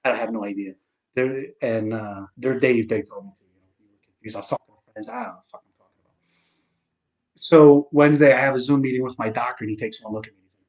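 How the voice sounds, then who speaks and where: Speaking quickly with long pauses, a forties-aged man hosts a live stream and tells casual stories in a steady, medium-pitched, darkish voice. His talk is rambling and profane, full of restarts and jokes at his own expense, and the highs are cut off.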